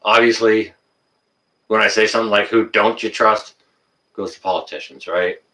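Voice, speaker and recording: A man's voice: on the low side, fairly even intonation, normal speed, pushed and bright, recorded from a distance. A man hosting a casual livestream, reading viewer comments and ranting, getting worked up and then apologizing.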